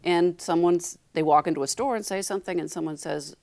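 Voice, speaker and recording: Low-voiced woman professor explaining. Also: warm tone. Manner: explanatory, measured, with fillers. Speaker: linguistics professor guest. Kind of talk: casual interview talk.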